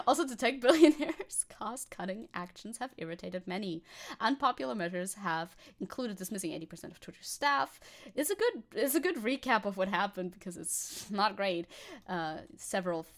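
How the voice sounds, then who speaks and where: A woman's voice: mid-range voice, expressive, moderate pace, fairly bright tone. A young woman streaming casually, reading news aloud and reacting with chatty, giggly asides.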